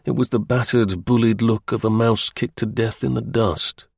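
A man narrating an audiobook in a measured, unhurried reading. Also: medium pitch, steady tone, creaky, slightly rough, no room sound, studio quality.

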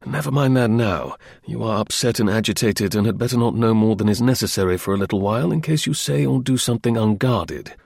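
A man's voice: on the low side, vocal fry, darkish tone, husky, no room sound, clean studio sound. Man reading as a stern cool detective. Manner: stern, measured. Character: calm stern male detective, commanding. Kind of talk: audiobook reading.

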